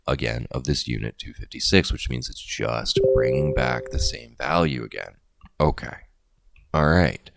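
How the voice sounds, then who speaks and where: A man's voice: rumbling low, creaky, dry recording. A middle-aged man hosting a crypto video, explaining in a casual, rambling way with jokey asides.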